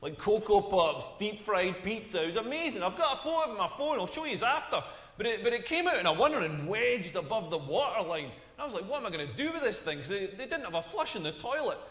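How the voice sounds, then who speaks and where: A crude Scottish stand-up comic. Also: male voice, sits high, very animated, fast, fairly bright tone, reverberant, in a large hall. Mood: deadpan crude. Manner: crude, rambling, self-deprecating. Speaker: stand-up comedian. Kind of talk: stand-up routine in a game video.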